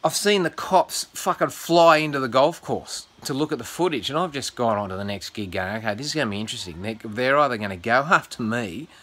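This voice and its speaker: Aussie bloke ranting and swearing nonstop, middle pitch, bright sharp voice. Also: male voice, brisk, few pauses. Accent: Australian. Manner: swears constantly, rambling and animated, acts out the people he quotes. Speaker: comedian vlogger. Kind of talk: casual profane storytelling.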